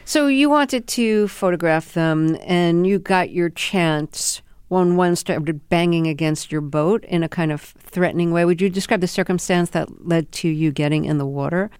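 A woman interviewer asking measured, probing follow-up questions. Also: on the low side, a little mellow, clear, resonant tone, no room sound.

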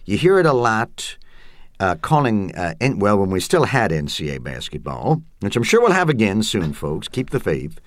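A man answering interview questions in the put-on voice of a generic 1970s baseball announcer, with a smooth, booming broadcaster delivery. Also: big pitch swings, normal speed, dry recording, studio quality. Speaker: guest.

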